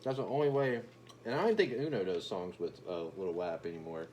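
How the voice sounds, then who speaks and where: A man's voice: deep voice, a little fast, darkish tone, a little hiss or hum. A young man ranting in a brash, profane, boastful comedic commentary, stumbling over restarts as he talks.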